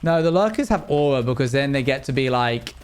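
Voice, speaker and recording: A man's voice: mid-range voice, lively intonation, a little fast, clear, resonant tone. Rambling young male streamer chatting casually. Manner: rambling, chatty, often restarts mid-sentence. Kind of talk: casual livestream chat while playing.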